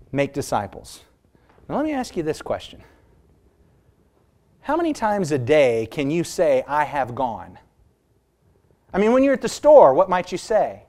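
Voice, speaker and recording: Male preacher, slightly higher voice, emphatic sermon delivery with drawn-out key phrases and rhetorical questions. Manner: emphatic, stretches key words slowly and rises in pitch for stress; asks the congregation rhetorical questions.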